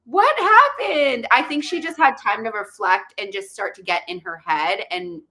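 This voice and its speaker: Bright-voiced woman chatting on a podcast. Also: medium pitch, animated, moderate pace. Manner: chatty storyteller, laughs often. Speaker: podcast host. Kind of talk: casual chat.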